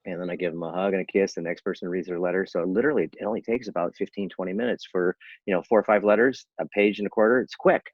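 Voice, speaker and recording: An older man in his sixties with a very low voice rattles through his points quickly, earnest and persuasive and often restarting his sentences. The sound is dry and dull, like lo-fi video call audio. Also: fairly even intonation, slightly rough, no echo. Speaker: interventionist guest. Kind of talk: casual interview talk.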